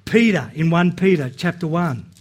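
A man's voice: a little high, lively intonation, normal speed, a little mellow. A man preaching a sermon, earnest, often repeating words as he starts phrases and acting out the quotes he reads. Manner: acts out Bible quotes with rising and dropping voice.

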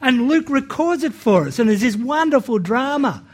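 A man's voice: very high-pitched, lively intonation, normal speed. A man preaching a sermon, earnest, often repeating words as he starts phrases and acting out the quotes he reads. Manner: acts out Bible quotes with rising and dropping voice.

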